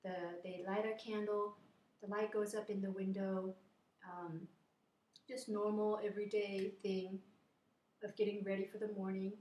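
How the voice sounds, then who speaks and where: A woman's voice: medium pitch, level tone, normal speed, dark tone. A woman casually retelling a fairy tale to a friend in a chatty, rambling way. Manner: chatty, rambling, with fillers and restarts. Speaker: storyteller. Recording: echoey room.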